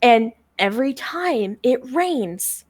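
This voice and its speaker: A woman's voice: on the high side, very animated, slow. A young woman chatting casually on a game stream, telling a long story in a rambling way and swearing often. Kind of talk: casual chat.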